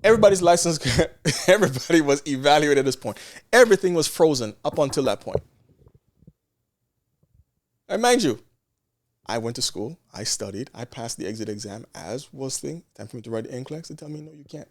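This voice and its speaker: Man from canada, podcast guest, casual storytelling, mid-pitched voice, lively restarts. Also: fairly quick. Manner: animated, acts out quoted exchanges with frequent restarts.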